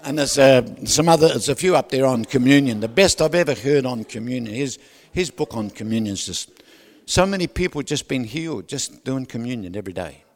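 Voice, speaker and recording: A man preaching a sermon, loud and animated, who keeps asking the crowd for agreement and drops joking asides with laughs. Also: mid-range voice, a little fast. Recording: long hall reverb.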